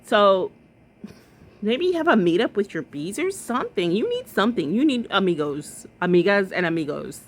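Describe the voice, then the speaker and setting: A sassy woman host talks back at a clip in casual commentary, her voice rising and falling in a lively, animated way. She is blunt, swears freely and laughs often, at a middling pitch. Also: moderate pace. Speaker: reaction video host.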